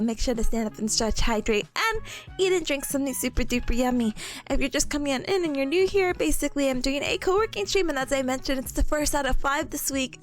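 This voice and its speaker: Bubbly high-voiced woman, a bit hoarse. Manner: bubbly, playful, giggly. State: hoarse from coughing. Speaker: VTuber streamer. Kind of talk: casual livestream chat. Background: faint background music.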